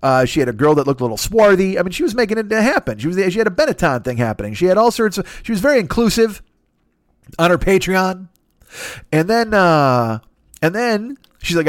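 A man's voice: on the high side, lively intonation, fast talker, dry recording, studio quality. A man doing a profane, rambling comic monologue as a podcast host, slipping into mocking voices. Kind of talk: crude comedic monologue.

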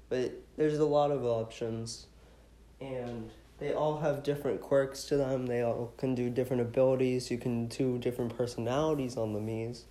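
Slow-talking, excitable man rambling. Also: medium pitch. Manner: rambling and excitable, giggles as he talks. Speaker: vlogger. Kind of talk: casual enthusiastic chat.

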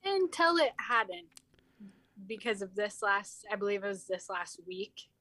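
A woman on a comedy podcast, chatting casually and landing deadpan absurd jokes. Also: mid-range voice, measured pace, no echo. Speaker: podcast guest.

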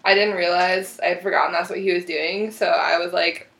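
A woman chatting casually about a TV episode, relaxed and quoting the characters. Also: on the low side, brisk, creaky. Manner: relaxed, laughing, quotes the characters. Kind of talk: casual podcast chat recapping a TV episode. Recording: echoey room.

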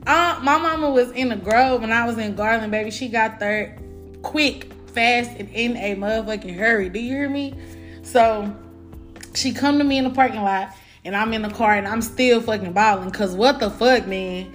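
Animated woman telling a story. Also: a little high, normal speed, soft background music. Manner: animated, profane and frank. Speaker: vlogger. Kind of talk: casual storytime.

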